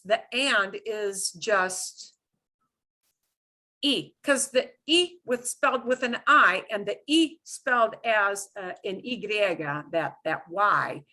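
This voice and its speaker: A woman's voice: mid-range voice, sharp tone. A woman teaching a beginner Spanish class, explaining patiently and often checking in with "okay?".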